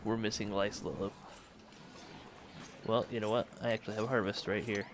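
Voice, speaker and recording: A man's voice: fairly low pitch, little pitch movement, a little fast, noisy background. A man hosting a let's play, thinking aloud and correcting himself as he manages a space colony game. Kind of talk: casual gameplay commentary.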